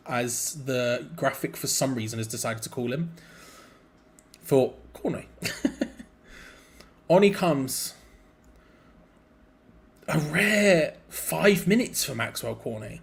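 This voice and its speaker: A young man hosting a live football watch-along, mixing quick play-by-play with rambling chat and sudden excited outbursts. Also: mid-range voice. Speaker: fan channel co-host.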